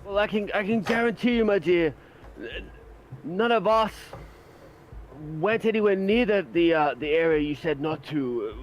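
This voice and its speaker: Man, high voice, heated, sweary, tabletop player, faint background noise. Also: moderate pace, poor audio. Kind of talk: tabletop role-play.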